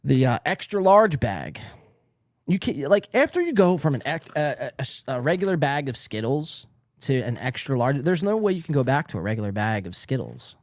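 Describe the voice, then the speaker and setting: A man's voice: mid-range voice, very animated, normal speed, no echo. A man hosting a podcast, ranting in a profane, mock-outraged monologue into a studio mic. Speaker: podcast host.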